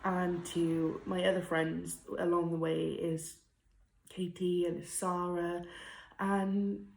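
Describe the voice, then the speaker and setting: Young girl doing a teary heartfelt vlog, kinda low voice, echoey room. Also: little pitch movement, slow, vocal fry. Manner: heartfelt, tearful, laughing softly. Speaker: vlogger. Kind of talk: emotional personal vlog.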